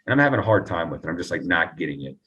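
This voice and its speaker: A man telling his recovery story earnestly and reflectively as an interview guest, often pausing and restarting. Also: sits low, very animated, bright, forceful tone, distant mic, highs cut off.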